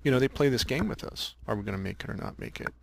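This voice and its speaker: A man's voice: medium pitch, expressive, quick pace, gravelly. A man hosting a casual conversation, telling a workshop story with frequent laughs and reflective asides. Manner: laughs often, reflective, acts out quotes. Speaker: podcast host.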